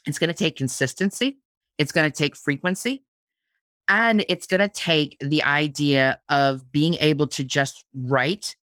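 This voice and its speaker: Recorded dry in a clean studio, a woman with a low, unhurried, slightly bright voice appears as a podcast guest. A blogging teacher, she talks casually about her craft, often restarting and repeating words.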